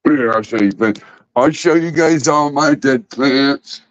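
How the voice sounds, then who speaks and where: A man's voice: mid-range voice, measured pace, dry recording. A man hosting a casual livestream, rambling and swearing as he talks back to his chat. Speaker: livestream host. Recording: dull, lo-fi dry sound.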